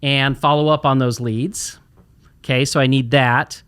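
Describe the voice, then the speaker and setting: A man's voice: mid-range voice, fairly even intonation, measured pace, a bit bright, smooth, dry recording. A man co-hosting a casual business podcast, talking conversationally and thinking aloud with fillers. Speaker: podcast co-host.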